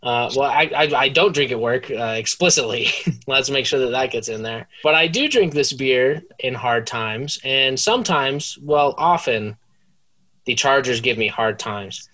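Deliberate man reviewing beer. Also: medium pitch, sharp tone. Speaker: podcast co-host. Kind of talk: casual beer review chat.

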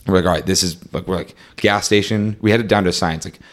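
Deep-voiced young man telling a rambling story. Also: fairly even intonation, quick pace. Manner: rambling, fillers like "like" and "um", reenacts dialogue. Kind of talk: casual conversational storytelling.

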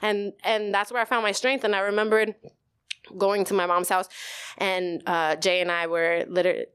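A woman's voice: mid-range voice, flat delivery, moderate pace, fairly bright tone, smooth. A woman in her thirties telling her story as an interview guest, casual and candid, full of "like" and swearing freely. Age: 30s.

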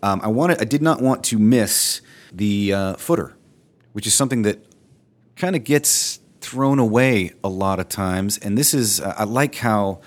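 A man co-hosting a podcast, steering a relaxed, casual chat. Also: fairly low pitch, measured pace. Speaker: podcast co-host.

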